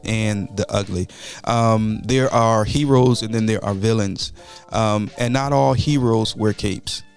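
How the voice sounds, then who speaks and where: A man's voice: fairly low pitch, smooth, no room sound. A man, hosting a casual morning show and greeting viewers by name. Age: 40s. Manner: animated, shouts out viewers by name. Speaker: host and pastor.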